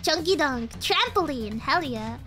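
A playful young woman giving live commentary on a cozy game, laughing often and dropping slang. Her voice is high and bright, and it leaps around a lot. Faint music plays underneath. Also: animated, unhurried. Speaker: streamer.

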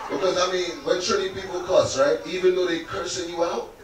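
A male stand-up comedian telling a crude story loudly and with animation, live at an event on a cruise ship. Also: high-pitched, flat delivery, a little fast. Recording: echoey room, far mic, loud crowd.

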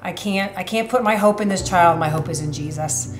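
A woman's voice: on the low side, fairly quick, reverberant. Woman telling a testimony over music. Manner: earnest, emotional storytelling with many fillers. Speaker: church member sharing her testimony. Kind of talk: personal testimony interview.

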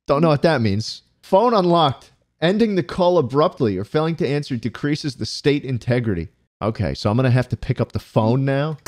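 Male gamer, mid pitch, very animated delivery, cursing and yelping through a let's-play. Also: moderate pace. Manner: profane, excitable, yelps and laughs often. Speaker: gaming YouTuber.

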